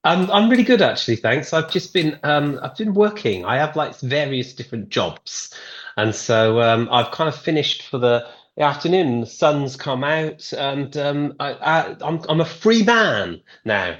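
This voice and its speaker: A man's voice: fairly high pitch, a little slow. A man from Britain, a guest guitarist, chatting casually on a podcast and telling stories with lots of restarts. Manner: rambling, lively storytelling with many restarts.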